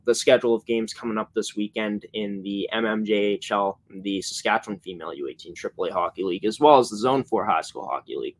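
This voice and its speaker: A man's voice: mid-range voice, a bit bright. Rambling man hosting a sports stream. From Canada. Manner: rambling, frequent filler words and self-corrections. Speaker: sports show host. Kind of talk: casual live-stream sports show hosting.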